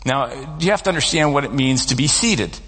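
A man preaching a sermon as pastor, talking in a relaxed conversational storytelling way. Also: medium pitch, fairly quick. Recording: long reverb of a large hall.

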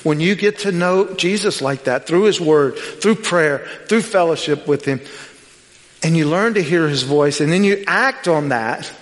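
A middle-aged man preaching a sermon, telling a personal story with lively quoted dialogue. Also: on the high side, unhurried. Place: church sanctuary. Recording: long hall reverb.

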